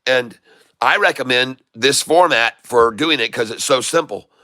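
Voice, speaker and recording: A man giving live stock trading commentary, excitable, repeating his sell calls to viewers and joking in broken Spanish. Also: mid-range voice, a little slow, no echo. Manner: jokey, mixes in broken Spanish.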